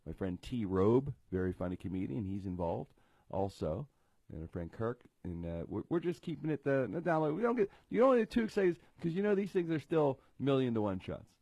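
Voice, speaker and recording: A man's voice: medium pitch, sing-song, a little fast, creaky, warm tone, husky, dry recording. A middle-aged man hosting a casual comedy talk show from a home studio, rambling and joking at his own expense with many restarts. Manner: rambling, self-deprecating jokes with frequent restarts. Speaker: radio comedy show host.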